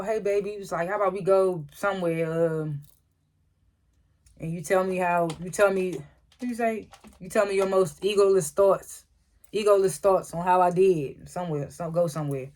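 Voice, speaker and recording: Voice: mid-range voice, fairly even intonation, darkish tone. Casual TV recapper: chuckly, profane, rattles off quoted dialogue scene by scene. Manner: chuckles often while retelling scenes; acts out characters' lines in quick quotes. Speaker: TV episode reviewer.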